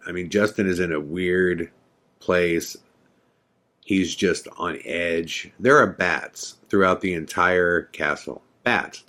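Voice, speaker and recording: Deep-voiced man telling a rambling story. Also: fairly bright tone. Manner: rambling, many fillers. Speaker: podcast host. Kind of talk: casual storytelling.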